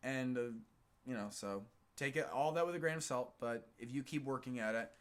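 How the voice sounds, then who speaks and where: A man's voice: mid-range voice, a little fast, clean tone. A man co-hosting a casual live-stream chat, talking loosely and thinking aloud with plenty of fillers.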